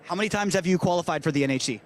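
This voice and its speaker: A man with a very high voice interviews contestants at a live event. He talks fast, with a brisk, friendly delivery.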